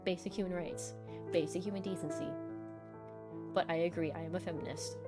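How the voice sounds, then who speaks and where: A woman streamer reading a visual novel aloud, cutting in with blunt, animated reactions between calm passages. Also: on the low side, brisk, loud music behind the voice.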